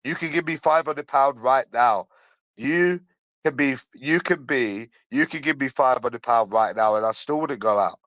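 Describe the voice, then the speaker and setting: A man's voice: medium pitch, moderate pace, fairly bright tone, no echo, poor audio. A man with a London accent ranting in a repetitive, sweary, sarcastic monologue. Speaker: vlogger.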